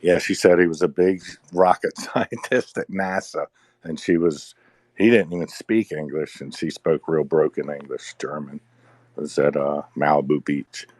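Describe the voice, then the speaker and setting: Man, middle-aged, very deep voice, rambling casual talk, repeats himself, dry close sound. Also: steady tone, moderate pace, darkish tone, no echo. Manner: rambling, repeats words, sighs. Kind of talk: casual chat.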